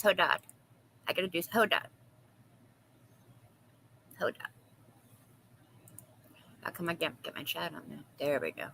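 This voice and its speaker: A woman's voice: low-pitched, huge pitch swings, brisk, vocal fry, long pauses, a bit bright, slight background noise, rough recording. A woman hosting a casual live-stream chat, gossiping, laughing often and reading viewers' comments aloud.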